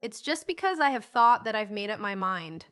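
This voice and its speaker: Woman reading as a brusque, impatient old gentleman. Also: mid-range voice, sing-song, moderate pace. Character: impatient, gruff old gentleman, wealthy and bossy.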